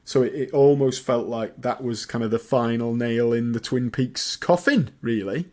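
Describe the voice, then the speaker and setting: A man co-hosting a casual podcast, chatty and jokey, getting loud when excited. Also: mid-range voice, normal speed. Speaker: podcast co-host. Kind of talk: casual chat.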